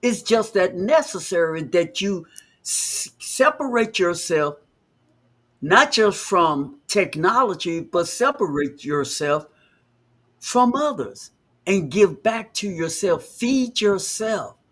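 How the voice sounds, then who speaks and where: A man's voice: high-pitched, big pitch swings, takes it slowly, fairly bright tone. A man co-hosting a live discussion show, stressing his words with emphasis. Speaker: co-host of a live talk show.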